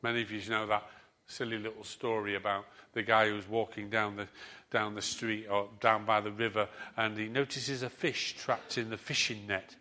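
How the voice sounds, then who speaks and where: A man preaching a sermon as pastor, telling stories with emphatic rises and soft, trailing endings. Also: on the low side, flat delivery, normal speed.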